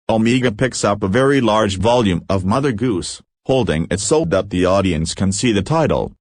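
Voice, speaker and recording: A man reading a play aloud, narrating the stage directions in a steady, plain manner. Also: on the low side, moderate pace, few pauses, no room sound, clean studio sound. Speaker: audiobook reader.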